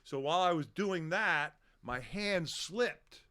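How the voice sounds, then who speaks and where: A middle-aged man telling a story on a podcast in a casual way. He swears freely and acts out the shouts and quotes of the people in it. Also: on the high side, animated, slow, clear, resonant tone, no room sound, clean studio sound.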